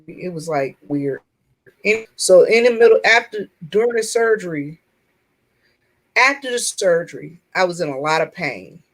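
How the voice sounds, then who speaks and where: A woman's voice: fairly low pitch, poor audio. Earnest woman sharing her own story. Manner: earnest and open, with halting restarts. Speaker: chat room participant. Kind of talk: personal storytelling in a casual group chat.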